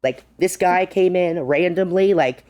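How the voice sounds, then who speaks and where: A middle-aged woman who co-owns a bar chats as a guest in a podcast studio, telling casual stories packed with quoted dialogue. Her voice is fairly low and unhurried, and she's animated, acting out the quotes and saying "like" a lot.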